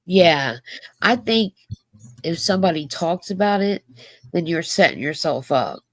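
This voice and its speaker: Congested, gravelly-voiced woman chatting. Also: lowish voice, lively intonation, a little slow, no echo. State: stuffed up, congested. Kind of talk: casual livestream chat.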